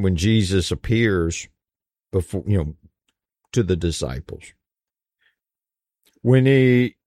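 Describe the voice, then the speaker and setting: A man's voice: on the low side, darkish tone, dry recording, studio quality. Folksy man teaching Bible study. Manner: conversational, lots of "you know" and restarts, folksy slang.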